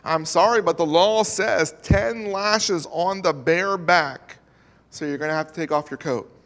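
A man voicing a firm but fair old-time schoolteacher who speaks in measured tones. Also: high-pitched, a bit bright. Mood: stern. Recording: long hall reverb.

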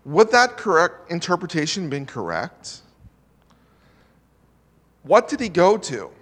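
A man's voice: high voice, big pitch swings, slow, a bit bright, in a large hall. A man preaching a sermon, reading scripture aloud and then retelling it in his own plain words. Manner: earnest preaching, reads scripture in King James wording. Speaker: pastor.

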